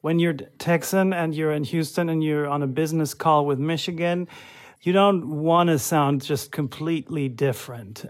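A man's voice: a little high, normal speed. A man interviewed as a linguist, explaining points carefully in an interview.

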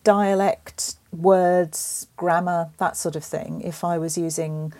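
A woman's voice: on the low side, fairly even intonation, takes it slowly, warm tone. A woman reflecting thoughtfully in an interview.

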